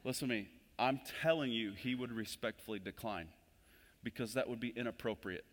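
Male pastor, mid-pitched, casual sermon delivery with emphatic build-ups, long church-hall reverb. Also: fairly quick. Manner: conversational, swells louder and higher when stressing a point. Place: church sanctuary.

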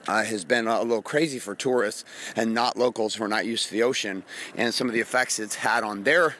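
Deep-voiced man coaching with a strained voice. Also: fairly bright tone, slight background noise. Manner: talking slow and low, casual and profane. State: strained voice, resting it. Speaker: podcast host and coach. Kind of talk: motivational podcast monologue. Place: outdoors, walking along a street.

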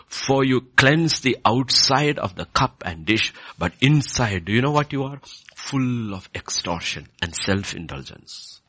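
A man preaching a sermon, passionate, moving from quiet asides to loud indignant outbursts. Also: mid-range voice, animated, unhurried, husky, no echo.

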